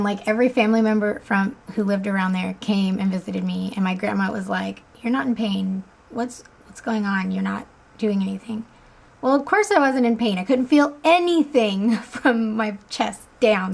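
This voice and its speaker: Young mom, 20s, relaxed casual storytelling, gravelly edge, mid pitch. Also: female voice, poor audio. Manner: chatty, many ums, laughs often. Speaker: mother telling a birth story.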